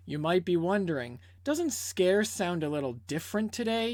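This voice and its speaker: A man's voice: fairly high pitch, expressive, normal speed, a bit bright, dry recording. A young man rambling casually and swearing as he unboxes and sets up a microphone at home. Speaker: video creator. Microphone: desk microphone being set up.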